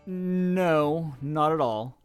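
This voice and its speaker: Halting man running a tabletop game. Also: fairly high pitch, clear, resonant tone, soft background music. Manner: halting, many ums and restarts. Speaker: game master.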